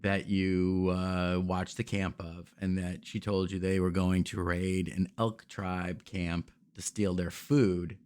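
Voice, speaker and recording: A man narrating as game master, relaxed and rambling with frequent fillers. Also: deep voice, takes it slowly, few pauses, clean tone.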